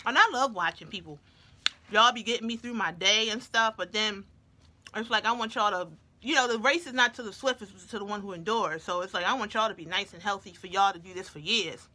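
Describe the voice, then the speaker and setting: A woman's voice: mid-range voice, brisk, pushed and bright, a little hiss or hum. A woman vlogger chatting playfully to her viewers while she eats, talking between bites. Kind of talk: casual chat to viewers while eating.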